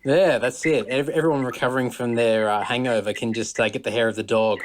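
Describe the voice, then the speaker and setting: A man's voice: medium pitch, fairly even intonation, fairly quick, a loud crowd, rough recording. A man hosting a podcast, asking loose, friendly questions in a casual chat. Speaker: podcast host. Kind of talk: casual conversational interview. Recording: clear background noise.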